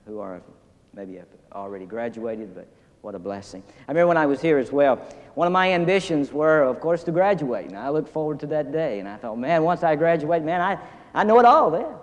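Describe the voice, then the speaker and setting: A man preaching a sermon in a folksy, earnest way, telling stories and reading scripture aloud in a seminary chapel. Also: medium pitch. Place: seminary chapel, large hall. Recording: long hall reverb.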